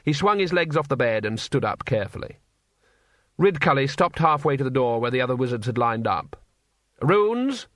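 A man narrating a comic fantasy audiobook in a wry, expressive manner. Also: mid-range voice, fairly quick, no room sound, clean studio sound. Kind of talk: scripted narration.

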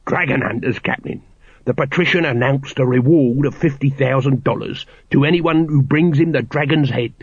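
A man's voice: medium pitch, moderate pace, husky, no room sound. A man playing a wheedling street hawker. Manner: wheedling, salesman's patter. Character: shifty fast-talking male street hawker. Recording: dry, slightly dull studio recording.

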